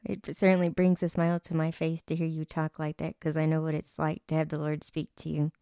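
A woman hosts a relaxed conversation about faith, telling her stories with animated energy and frequent laughter. Her voice is smooth and clear, sitting a little low for a woman. The sound is close and dry, with no room around it. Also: brisk, dry recording. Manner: animated storytelling, laughs often. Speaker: host interviewing her mother.

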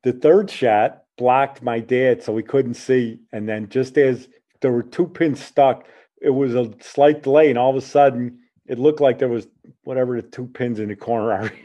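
A man's voice: medium pitch, normal speed, muffled recording. Chatty radio host in his sixties. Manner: chatty, lively when amused. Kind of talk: casual storytelling.

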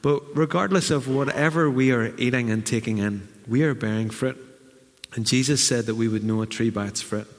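Pastor preaching in reverb. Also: male voice, medium pitch, moderate pace. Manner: earnest preaching with vivid acted asides. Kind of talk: sermon. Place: church hall. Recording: long reverb of a church hall.

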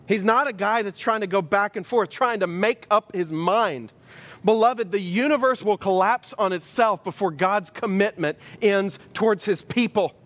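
A man's voice: on the high side, a bit bright. A male pastor preaching a sermon in an emphatic style, building his points through rhetorical repetition.

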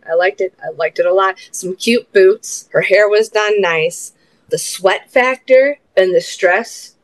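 A woman hosting a podcast, telling a casual story with lots of swearing and acted-out quotes in sudden high voices. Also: no room sound. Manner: animated, swearing, acts out quotes with big pitch jumps. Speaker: podcast host.

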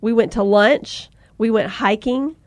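A woman's voice: fairly high pitch, measured pace, no echo. A woman hosting a faith-based podcast, chatting and speaking encouragement with emotion. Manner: warm, emotional, preaching encouragement. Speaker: podcast host.

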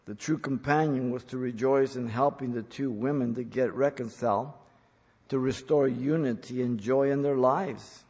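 A man's voice: medium pitch, normal speed, a little mellow, slightly rough, long reverb tail. A man preaching an earnest sermon, speaking as a pastor who repeats key points for emphasis.

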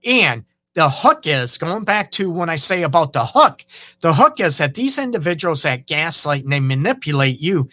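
A man's voice: a little high, sing-song, moderate pace, bright, forceful tone, no room sound. A man with a Detroit accent hosting a relationship advice show, talking off the cuff with many fillers and acted-out snippets of dialogue. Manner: conversational, many fillers and asides, acts out quoted exchanges. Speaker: relationship counselor and show host. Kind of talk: unscripted advice talk.

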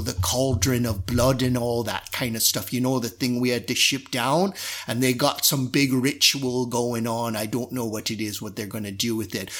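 A bored male drow pirate guard chatters away in a Cockney accent, put on by a man. He rambles and gossips with a bright, rather low tone.

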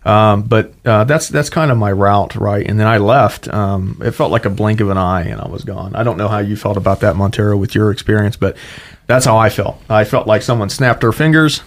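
Chatty young man, lowish voice. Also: fairly quick. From Ohio. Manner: chatty, many fillers like "you know, right". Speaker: guest, Marine. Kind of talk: casual storytelling interview.

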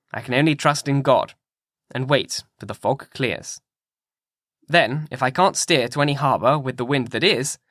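A man reading an audiobook in a measured, grave manner. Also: mid-range voice, fairly bright tone, dry recording, clean studio sound. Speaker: audiobook narrator.

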